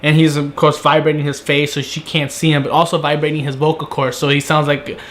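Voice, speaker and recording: A man's voice: on the high side, level tone, fairly bright tone. Chatty young man reviewing an episode. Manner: conversational, acts out characters' lines in quick asides. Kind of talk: casual solo review.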